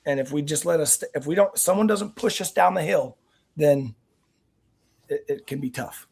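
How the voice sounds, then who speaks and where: This veterans' talk show guest, a nonprofit team member, answers conversationally, rambling earnestly through stories and restarting many times. The medium-pitched voice moves at normal speed and sounds creaky, slightly rough, and a little mellow.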